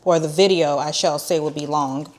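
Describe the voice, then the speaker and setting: A woman's voice: deep voice, fairly even intonation, normal speed, a little mellow. A woman hosting a casual cooking tutorial, chatty and rambling, with many ums and restarts and a few dry, sarcastic asides. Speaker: cooking channel host.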